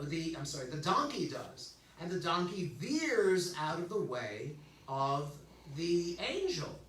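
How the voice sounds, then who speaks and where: Brief: older male rabbi, casual joking sermon, bright slightly high voice, distant mic in an echoey sanctuary. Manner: joking, conversational, lots of okays and asides. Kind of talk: informal sermon. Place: synagogue sanctuary. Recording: echoey hall, distant mic, faint hum.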